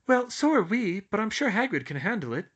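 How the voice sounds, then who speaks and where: A man voicing an earnest, bookish eleven-year-old girl in a high, strained falsetto, anxious and precise. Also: very animated, brisk, fairly bright tone, exaggerated voice.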